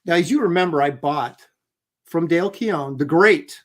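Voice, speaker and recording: A man's voice: on the high side, normal speed. A man hosting a casual livestream chat, telling rambling, jokey stories. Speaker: host.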